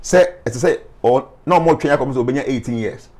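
A man with a Ghanaian accent, speaking as a life coach in an animated interview and mixing English with Twi phrases. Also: mid-range voice, normal speed.

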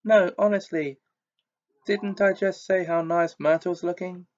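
A man's voice: sits high, fairly even intonation, unhurried, a little mellow, muffled recording, voice pushed up. A flustered clever schoolgirl, as a man puts her on. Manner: earnest, flustered.

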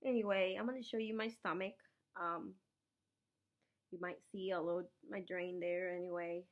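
A woman's voice: lowish voice, steady tone, normal speed, muffled recording. A woman, vlogging at home after surgery, tired and sore, emotional and apologetic as she rambles. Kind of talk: casual personal vlog.

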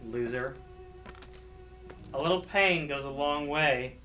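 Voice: medium pitch, slow pace, over music. A gaming streamer giving jumpy, joking commentary on a horror game. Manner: jumpy, exclaiming, joking at the screen. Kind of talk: let's play commentary.

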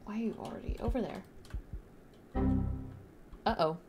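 A young woman streaming a game live, chatting bubbly with her viewers and teammates and bursting into loud shrieks. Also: medium pitch, normal speed, over loud music. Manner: talks to chat and teammates while playing.

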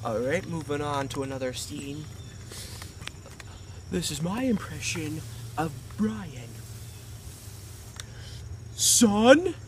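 A man's voice: on the high side, slow pace, pauses often, background noise. A man hosting a comic movie review with a goofy, playful manner.

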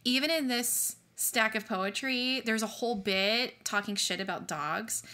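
Bright-voiced woman telling blunt stories. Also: fairly high pitch, unhurried. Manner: animated storyteller, blunt and swearing. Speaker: podcast co-host. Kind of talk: casual chat.

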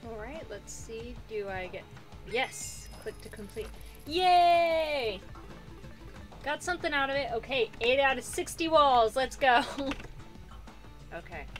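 A woman giving excitable, self-deprecating gameplay commentary and voice-over narration, swearing now and then. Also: a little high. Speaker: gaming YouTuber.

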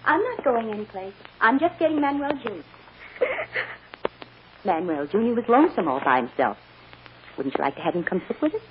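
A woman playing a devoted mother who softly soothes and coaxes her child, in 1940s radio acting on a dull old radio recording with hiss. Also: medium pitch, sing-song, fairly quick, long pauses, close to an everyday voice. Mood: soothing. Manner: soft, soothing, coaxing.

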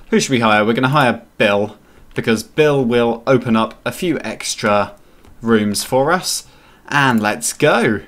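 Male gaming host, mid-pitched, chatty, playful play-by-play. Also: a bit bright. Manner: chatty, playful, talks to game characters. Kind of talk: casual gameplay commentary.

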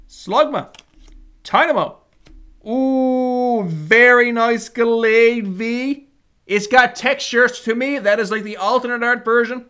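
Excitable vlogger with a bright, lively voice. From Canada. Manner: excitable, voice climbs higher on good pulls; lively running play-by-play, lists card names. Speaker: card collector vlogger. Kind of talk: casual pack-opening commentary.

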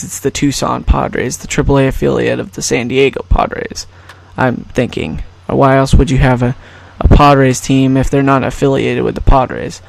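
A man's voice: medium pitch, flat delivery, moderate pace, gravelly, few pauses, dry recording. A man giving casual, rambling and jokey commentary over a baseball video game. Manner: rambling, jokey, self-correcting. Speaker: gaming YouTuber.

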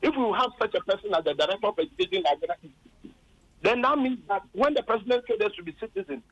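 A man's voice: sits high, lively intonation, fast, fairly bright tone, breathy edge, no room sound, dull audio. A Ghanaian man, a former district chief executive, calls in to a radio program and complains at length, impassioned and indignant as he retells his arguments.

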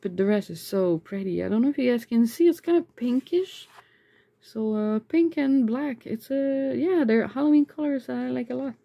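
A woman chatting casually as she unboxes sticker mail, excitable and chatty, breaking into high squeals over cute things. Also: normal speed, vocal fry, lo-fi sound. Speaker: vlogger.

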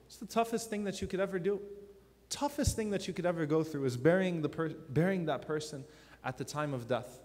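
A man preaching to a youth conference, telling personal stories earnestly and dropping to a hushed voice for emphasis. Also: a little high, fairly quick. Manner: drops to a soft, hushed voice for emphasis. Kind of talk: emotional sermon. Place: large conference hall. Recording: long hall reverb.

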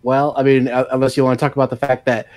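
A man's voice: medium pitch, little pitch movement, quick pace, darkish tone, no room sound. A man in casual stream chat, ranting in a profane, rambling way and laughing often. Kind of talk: casual political rant chat.

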